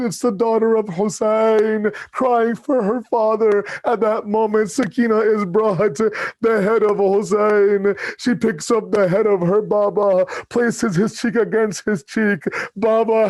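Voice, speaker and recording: Impassioned high-voiced male preacher. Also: no echo. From Canada. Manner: impassioned storytelling with rising emotional pitch; calm low supplication. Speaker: speaker at a memorial gathering. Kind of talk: emotional mourning sermon.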